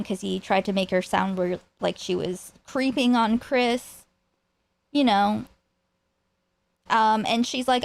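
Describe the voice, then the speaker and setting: A woman streamer walking through online drama in a loose, rambling way. She speaks slowly in a slightly high voice and often restarts her sentences. The recording is dry and close, with no room sound. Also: no echo. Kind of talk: casual reaction commentary.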